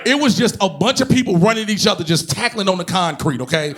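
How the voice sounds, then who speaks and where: A man performing a stand-up comedy routine on stage, telling animated, profane stories and bursting into shouted impressions. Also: high-pitched, fast. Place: comedy stage before a live audience.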